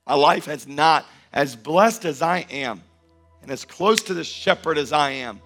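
A male pastor preaching a sermon in a rhythmic, repetitive cadence, swinging from loud emphatic declarations to hushed, intimate asides. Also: a little high, lively intonation, a little slow, soft background music.

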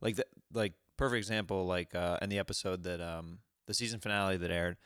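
A man chats casually as a co-host, his lowish voice bright and forward. He tells stories loosely, full of fillers and quick laughs, and the sound is close and dry. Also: clear, resonant tone, dry recording. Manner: laughing, animated storytelling with many fillers. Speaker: podcast co-host. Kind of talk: casual chat.

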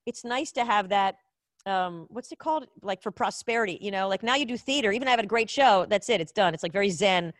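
A woman hosting a casual video-call chat show, upbeat and chatty with quick asides. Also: medium pitch, no room sound, clean studio sound. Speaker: talk show host.

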